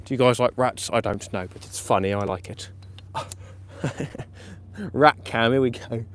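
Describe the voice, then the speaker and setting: A man commenting live on his night fishing session, chatty and excitable, laughing often, outdoors by the water. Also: mid-range voice, measured pace, slight background noise. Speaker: fishing vlogger. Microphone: camera or phone mic on a live stream.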